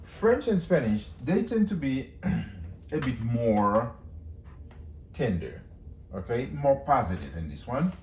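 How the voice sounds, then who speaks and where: A man giving a casual language lesson, chatty, saying phrases again slowly for learners. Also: medium pitch, sing-song, a little mellow, echoey room, slight background noise. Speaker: language teacher.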